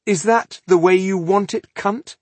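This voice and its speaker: A man reading an audiobook, voicing an indignant, hot-tempered count with a husky, blustering voice. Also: high-pitched, a little slow, a little mellow, dry recording, voice pushed up. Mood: angry. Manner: blustering, furious.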